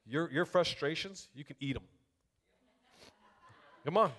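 A man preaching a sermon, reading scripture aloud and talking to the congregation in a casual, animated way. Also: on the high side, measured pace. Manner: animated, conversational, addresses congregation directly; reads scripture aloud with rising emphasis.

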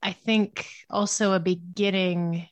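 A woman's voice: medium pitch, fairly even intonation, takes it slowly, dry recording, lo-fi sound. A woman in a casual book discussion, reflective and analytical. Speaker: podcast guest.

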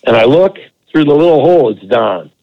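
A man co-hosting a podcast, telling a long, animated, profane anecdote in a casual way. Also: medium pitch, fairly quick, creaky, phone-quality sound. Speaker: podcast co-host. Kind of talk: casual storytelling.

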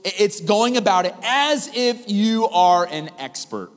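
A man preaching a sermon to a congregation, telling a personal story in an animated, conversational way and asking the listeners questions. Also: high voice, a little slow. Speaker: pastor. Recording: hall reverb.

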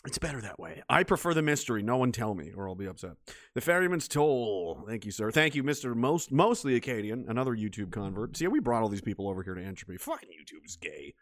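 A man's voice: on the low side, very animated, quick pace, no echo, clean studio sound. Profane man on a livestream. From Western Canada. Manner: crude, profane, joking. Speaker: livestream host reading viewer messages. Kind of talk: casual livestream chat.

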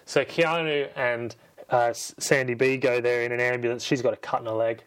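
A man excitedly retelling a film in a casual, swear-filled way, acting out the characters' lines as he goes. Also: medium pitch, moderate pace, clean tone. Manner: animated, swears a lot, acts out lines. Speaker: podcast host retelling a film.

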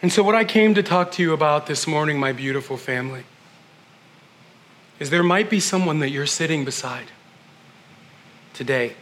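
A man preaching a sermon as pastor, animated, acting out quoted voices and dropping to a hush. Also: fairly high pitch, slight background noise.

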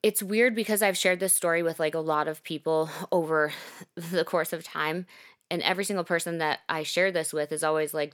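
A woman's voice: sits low, steady tone, moderate pace, fairly bright tone. A woman hosting a podcast, telling a personal story in a candid, emotional way with frequent swearing.

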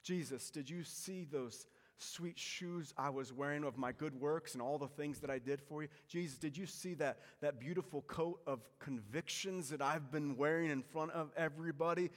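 A man's voice: fairly high pitch, normal speed, hardly any pauses, big-room sound, lightly acted. A man voicing a boastful, self-righteous believer who brags to Jesus about his good works, in a preening, smug tone.

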